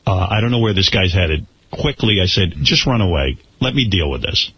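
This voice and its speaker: A man hosting a radio talk show, telling a story with animated delivery, acting out what people said and restarting his words as he goes. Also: low-pitched, moderate pace, breathy edge. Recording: slightly dull radio broadcast sound.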